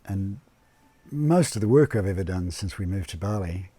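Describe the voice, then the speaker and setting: This husky, low-voiced man runs an eco lodge and gardens by permaculture principles, and he talks casually in an interview recorded indoors at home with no echo. His speech is unhurried and relaxed, full of fillers and restarts.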